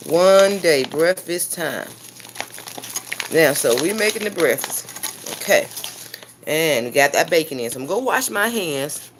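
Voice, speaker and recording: Cooking breakfast live in her home kitchen, a woman vlogger chats casually and directly to her viewers. Her voice sits low and sounds animated, with a measured pace and long pauses, and there's noise in the background.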